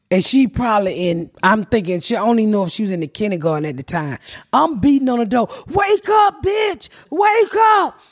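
A woman hosting a podcast, telling profane, animated comedic stories and acting out the people in them. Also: medium pitch, vocal fry. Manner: profane, animated, acts out voices in quotes. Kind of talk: casual comedic storytelling.

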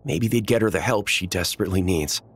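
With a deep voice and soft music playing behind him, a man narrates a first-person horror story in a measured, tense storytelling manner.

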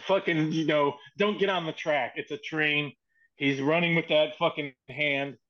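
A man's voice: fairly high pitch, steady tone, unhurried, a bit bright. A man who is a guest on a podcast tells a backstage story in a casual, profane way and acts out the quoted dialogue. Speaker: podcast guest, former wrestling writer. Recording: muffled lo-fi sound.

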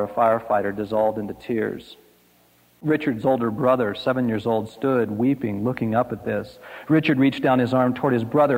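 A man preaching a sermon, telling a story slowly and dramatically, letting his lines fade to a hush. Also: mid-range voice, fairly even intonation. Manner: slow, dramatic storytelling with soft, hushed line endings. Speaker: pastor. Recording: echoey hall.

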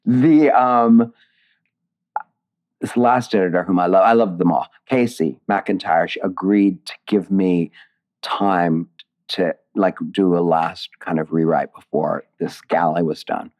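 A man's voice: sits low, a little slow. A man being interviewed about his writing, talking expressively and digressively with many restarts. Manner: expressive, digressive, emotional at times. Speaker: author and lyricist. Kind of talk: interview conversation.

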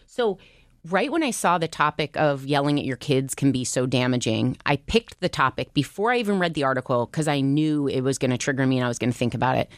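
Low-voiced candid woman talking. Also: lively intonation, brisk, no room sound. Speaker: talk show co-host. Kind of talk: casual podcast conversation.

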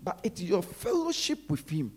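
A preacher delivering a sermon who repeats phrases and drops to low murmurs between emphatic lines. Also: wildly swooping pitch, moderate pace, a little mellow.

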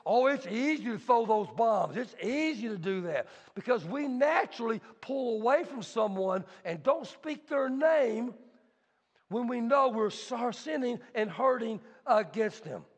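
A male pastor preaching a sermon with emphatic delivery that swings between soft talk and shouting, and he poses questions to the congregation. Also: very high-pitched, animated, measured pace. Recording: long hall reverb.

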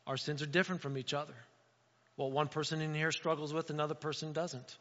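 A man's voice: a little high, quick pace. A middle-aged man preaching a casual, story-driven sermon to his church, often acting out voices in asides. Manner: conversational, animated storytelling with acted asides. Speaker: pastor. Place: church sanctuary. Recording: dull sound with long hall reverb.

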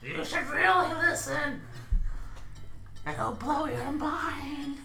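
A woman's voice: high voice, drawn-out words, creaky, sharp tone, echoey room, faint music behind. A woman playing in a tabletop game, in a playful, teasing way. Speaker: player. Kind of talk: tabletop role-play.

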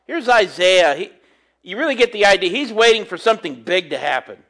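High-voiced earnest male preacher. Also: animated, fairly quick, vocal fry, pushed and bright. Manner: earnest, reads scripture then explains it in plain talk with homely stories; restarts and repeats words while thinking aloud. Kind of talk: conversational sermon with scripture reading.

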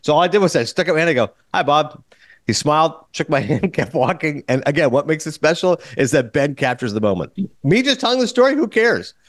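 Animated, fast-talking male podcast host. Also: a little high, no echo, clean studio sound. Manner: animated storyteller, acts out quoted exchanges. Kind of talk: casual podcast chat.

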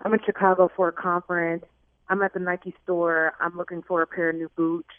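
A woman's voice: lowish voice, a little fast, no room sound. Chatty woman caller over a tinny phone. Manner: chatty, animated storytelling. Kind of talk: telling a personal story on a call-in show.

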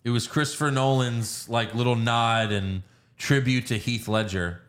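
Excitable man recapping a movie. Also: medium pitch. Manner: animated, profane storytelling with quick voice impressions. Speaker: podcast host recapping a film. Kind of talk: casual chat.

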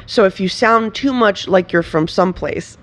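A woman's voice: medium pitch, normal speed, fairly bright tone. A woman from Venezuela, a comedian guest in casual interview chat, talking animatedly with laughs and frequent restarts.

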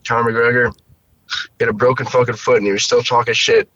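Bright-voiced young man in crude banter. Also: mid-range voice, level tone, brisk, muffled recording. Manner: rambling, swearing, laughs a lot. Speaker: podcast co-host.

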